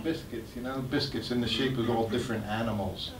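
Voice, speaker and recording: An older man tells animated, laughing anecdotes in a plain mid-range voice. He is recorded from a distance in an echoey temple hall with faint background noise. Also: medium pitch, fairly quick. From United States. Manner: animated, laughs while telling stories. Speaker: guest speaker sharing memories. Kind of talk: anecdotal storytelling talk.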